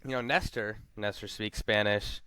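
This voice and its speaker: A man's voice: fairly low pitch, steady tone, moderate pace, pushed and bright, clear, resonant tone, dry recording. A young man co-hosting a podcast in casual chat, laid-back, calling people dude and bro, laughing through his stories. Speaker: podcast co-host.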